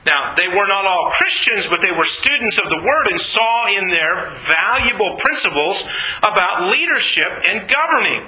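A man's voice: high voice, sing-song, normal speed, pushed and bright, echoey room, low-quality recording. A man teaching an informal Bible study to a class, asking questions and then answering them himself.

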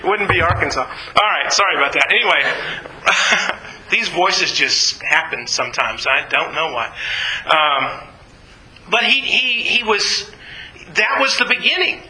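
A man's voice: high-pitched, very animated, a little slow, sharp tone, roomy sound, low-quality recording. A man teaching an informal Bible study to a class, asking questions and then answering them himself.

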